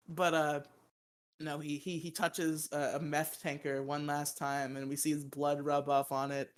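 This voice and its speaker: A man's voice: on the high side, little pitch movement, unhurried. Laughing, swearing man on a podcast. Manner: laughs often, swears casually, acts out quotes. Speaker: podcast host. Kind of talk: casual movie review chat.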